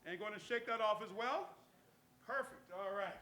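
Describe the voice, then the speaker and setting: A man's voice: high-pitched, normal speed, bright, forceful tone, reverberant. A man performing as a stage magician, talking volunteers through a trick step by step with coaxing commands and jokes, at a live venue. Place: live cafe stage with audience.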